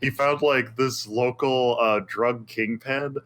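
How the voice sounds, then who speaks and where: A man's voice: mid-range voice, steady tone, slow, fairly bright tone. A man on a tech podcast, joking wryly and sharing opinions in casual chat. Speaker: podcast co-host.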